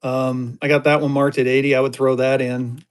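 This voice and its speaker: A man from Colorado running a live online auction, keeping up a rapid, upbeat patter as he adds items for bidders. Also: mid-range voice, smooth. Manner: upbeat, rapid-fire adding items, gets excited.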